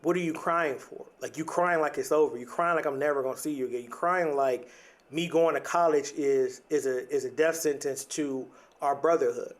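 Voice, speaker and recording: Earnest and higher-voiced, this male podcast host speaks at a moderate pace in a reflective motivational monologue. He repeats words, restarts sentences, and often says "like" and "right?"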